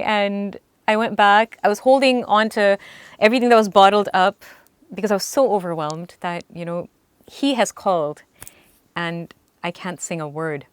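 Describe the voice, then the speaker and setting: A young woman singer recalling a story in earnest, halting speech with frequent restarts. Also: mid-range voice, clear, resonant tone, dry recording. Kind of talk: storytelling interview recollection.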